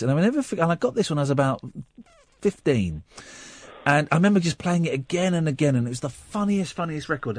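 A man hosting a late-night radio show, chatting in an animated, laughing way with callers and a co-host. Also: fairly high pitch, no echo.

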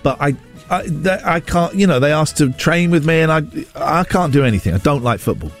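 Animated man telling a story. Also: fairly quick, faint music behind. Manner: animated, acts out quotes with big pitch jumps. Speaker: podcast co-host. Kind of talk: casual chat, storytelling.

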